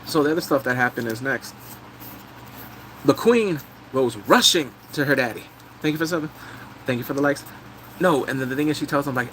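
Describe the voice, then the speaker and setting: A man's voice: mid-range voice, animated, brisk, long pauses, a bit bright, slight background noise, low-quality recording. A man live-streaming a casual drama recap, chatting loosely, thanking viewers as he goes and breaking into big squealing reactions.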